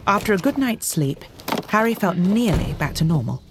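A woman narrating a drama in a measured storybook reading. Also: fairly low pitch, big pitch swings, noisy background. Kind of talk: scripted narration. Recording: clear music underneath.

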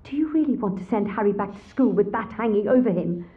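A man reading puts on an anxious, protective middle-aged wife for a story, pitched a little high and swinging widely. The sound is thin and phone-like, and she pleads. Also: expressive, quick pace. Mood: pleading.

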